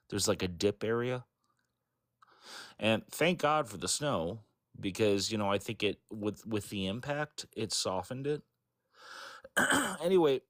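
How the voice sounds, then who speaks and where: A man with a fairly low voice recounts a personal story in a casual interview. He rambles and halts, stacking fillers and correcting himself as he goes, and the recording is close and dry. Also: no echo. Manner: rambling, halting, full of fillers and self-corrections.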